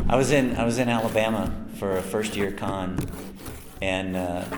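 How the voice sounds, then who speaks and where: At a convention panel, a male voice actor with a lowish voice answers fan questions at a normal speed. He's chatty and self-mocking, spinning long, lively anecdotes and acting out the quotes. The hall is echoey, with some noise.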